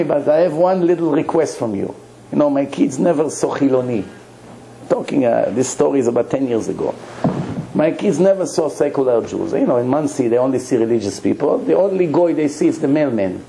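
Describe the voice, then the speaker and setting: Rabbi guy telling a story, acts out the other guy, laughs a lot, mellow voice, bit of hiss behind. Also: medium pitch, gravelly, low-quality recording. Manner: animated, acts out both sides of a dialogue; laughs between lines. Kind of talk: storytelling sermon.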